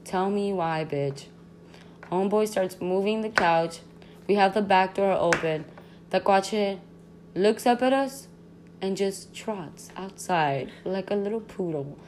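A young woman hosting a podcast, telling a story in a casual, animated, slangy way, full of "like" and swearing. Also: mid-range voice, a little slow, slight background noise. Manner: animated, slangy, constant "like", swearing, laughs often. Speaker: podcast host.

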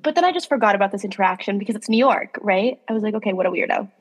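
Racing along at medium pitch, a New York podcast co-host in her twenties tells stories in a casual, giggly chat full of laughs and "like." Her voice is expressive and sounds like it's in a large hall.

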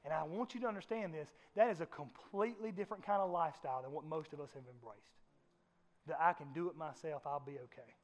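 A man's voice: fairly high pitch, fast talker. A man preaching a sermon as pastor, with an impassioned delivery that rises and falls, sometimes acting out voices in a casual way.

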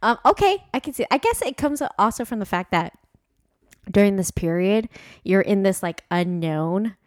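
A woman's voice: medium pitch, expressive, normal speed, no echo, clean studio sound. A young woman co-hosting a podcast, chatting casually, agreeing often and joking. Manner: agreeable, lots of backchannel, playful. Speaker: podcast co-host. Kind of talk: casual chat.

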